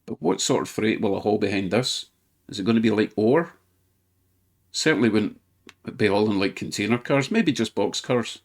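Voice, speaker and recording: A man's voice: on the low side, animated, normal speed. Chatty, enthusiastic man at his train layout. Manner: chatty, enthusiastic, lightly self-mocking. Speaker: model railway hobbyist channel host. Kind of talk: casual commentary while running a model train.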